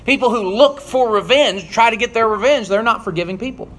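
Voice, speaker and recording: A man preaches a sermon, reading scripture and then explaining it earnestly and emphatically. He talks a little fast with a fairly bright tone, often dropping low at the ends of phrases.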